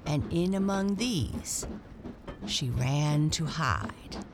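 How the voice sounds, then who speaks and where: A woman reading a children's storybook aloud in a gentle, expressive way. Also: deep voice, very slow, background noise.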